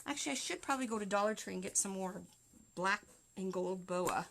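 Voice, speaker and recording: Brisk and medium-pitched with some vocal fry, a Canadian woman hosts a livestream on making a wreath. She chats with viewers as she works through each step, and there's a little hiss or hum.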